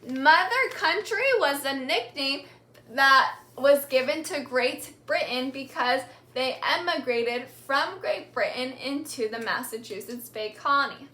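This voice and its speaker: A woman teaching a lesson, saying words slowly and clearly and having the class repeat them after her. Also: high-pitched, sharp tone. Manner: slow, clear, repeating key words for learners to echo. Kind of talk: call-and-response classroom lesson.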